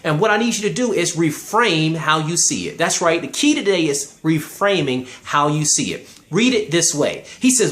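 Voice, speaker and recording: A man's voice: on the high side, lively intonation, normal speed, few pauses, fairly bright tone. A man giving an inspirational, sermon-style talk, emphatic and preacherly, addressing listeners directly and quoting scripture. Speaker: motivational speaker.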